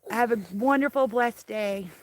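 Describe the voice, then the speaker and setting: Older lady livestreaming from the snow on her phone, chatty and doting, fairly high voice, bit of faint noise. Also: unhurried. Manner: chatty, doting, laughs often. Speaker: livestream host. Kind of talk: casual live stream chat. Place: outdoors in snow. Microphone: phone camera held by hand.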